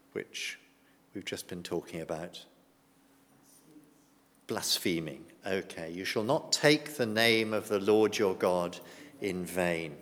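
Preacher with lively pitch in reverberant church. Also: male voice. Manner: conversational, asks the congregation questions. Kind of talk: sermon.

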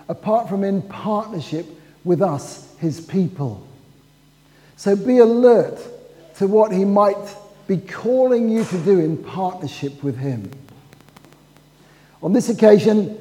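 A man's voice: high-pitched, dark tone. A man preaching a sermon in a church, telling the story and acting out the quoted dialogue. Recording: long hall reverb.

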